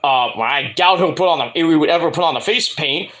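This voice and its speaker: A man's voice: a little high, quick pace, a bit bright. A man reviewing a wrestling show for his viewers, rambling and profane, with jokey asides. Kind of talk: casual rant to viewers.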